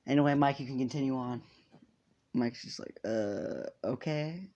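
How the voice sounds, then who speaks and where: A man's voice: mid-range voice, little pitch movement, fairly quick, a little mellow, muffled recording. Rambling, swearing man telling a story. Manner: rambling, laughing, swearing often. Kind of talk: casual fan story retelling.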